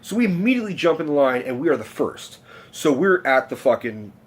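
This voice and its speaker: A man telling a long personal story in a casual vlog rant, rambling and excitable, swearing often and restarting his sentences. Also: fairly high pitch, fairly quick, husky. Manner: rambling, excitable, profane, many fillers and restarts. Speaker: vlogger.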